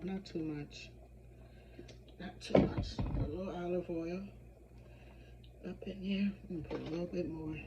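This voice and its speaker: Woman, home cooking vlogger, chatty and easygoing, lower register; muffled lo-fi kitchen recording with clear background noise. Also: warm tone. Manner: chatty, talks to viewers while cooking, hums and exclaims. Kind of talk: casual cooking vlog chat.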